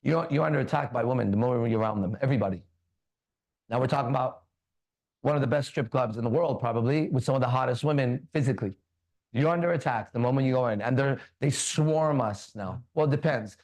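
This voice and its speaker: A man hosting a casual talk show, animated, preachy and swearing freely. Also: medium pitch, fast talker. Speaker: podcast host. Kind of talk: casual chat.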